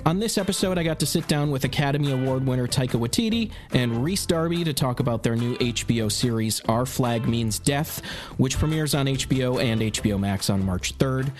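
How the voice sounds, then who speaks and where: Man in his own voice as a podcast host, middle pitch, upbeat and promotional as he reads the intro and plugs, then moves into friendly questions, with faint music under him. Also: expressive, brisk. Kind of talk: scripted intro and interview questions.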